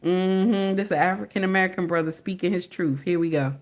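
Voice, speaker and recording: A woman's voice: lowish voice, brisk, a little hiss or hum. A middle-aged woman hosting a reaction livestream, speaking casually in slangy, emphatic speech and repeating her points.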